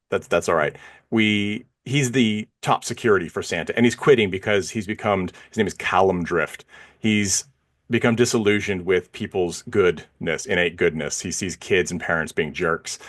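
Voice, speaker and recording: Man, very low voice, podcast co-host, casual rambling film talk, lots of fillers. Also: moderate pace, a bit bright. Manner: rambling, many fillers and restarts. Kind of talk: casual film review chat.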